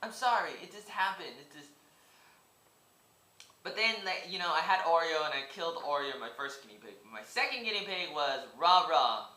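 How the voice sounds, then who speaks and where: A young man talks off the cuff in a casual vlog, his voice bright and forward. He rambles, stammers and doubles back on his words. The room around him is echoey. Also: a little high, animated, moderate pace. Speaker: vlogger.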